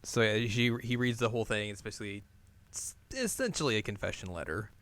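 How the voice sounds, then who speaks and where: A man co-hosting a podcast, casually recapping a film in a rambling, animated way and acting out the characters' lines. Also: on the low side, fairly quick. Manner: rambling, animated retelling with acted-out quotes. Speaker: podcast co-host.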